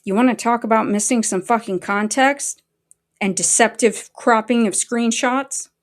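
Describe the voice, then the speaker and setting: A woman's voice: a little high, a little slow. A woman ranting angrily on a livestream, swearing heavily as she talks. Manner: angry, heavily profane. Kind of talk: livestream rant.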